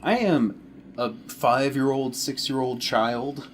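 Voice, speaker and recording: A man in casual chat, telling stories from his childhood at an easy, relaxed pace. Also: medium pitch, takes it slowly. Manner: relaxed storyteller, laughs easily. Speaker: co-host.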